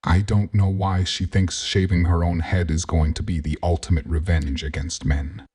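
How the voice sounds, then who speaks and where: Male commentator, very low and dark, husky, set back from the mic, sarcastic. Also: little pitch movement, moderate pace, distant mic. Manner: dry, sarcastic.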